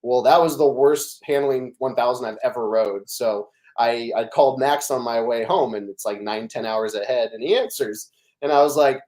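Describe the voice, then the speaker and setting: A middle-aged man, a podcast guest, telling stories in animated casual chat, with many fillers and restarts. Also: medium pitch, normal speed.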